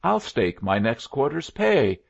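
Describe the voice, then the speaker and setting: A man reading as a wry frontier officer, a grown man with a gravelly voice. He speaks slowly and unhurriedly. The sound is dull and lo-fi. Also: medium pitch, sing-song, voice pushed up, full character voice. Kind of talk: audiobook character voice.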